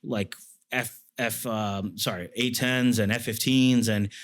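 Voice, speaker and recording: Speaking slowly in a steady, slightly bright medium-pitched voice, a man guests in an interview. He's a military veteran whose casual storytelling rambles, with lots of fillers and false starts.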